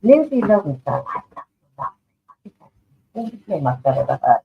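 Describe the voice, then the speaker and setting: A woman's voice: on the low side, big pitch swings, a little fast, slight background noise. A woman giving live online tarot card readings, affectionate and chatty, calling people darling. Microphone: online video stream. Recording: tinny phone-like online audio.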